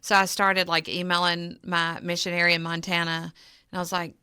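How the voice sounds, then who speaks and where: A woman's voice: fairly low pitch, fairly quick, clean tone, no room sound, clean studio sound. A woman, a charity co-founder, telling a personal story in a podcast interview and acting out the dialogue as she goes. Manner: animated storyteller, acts out quoted dialogue.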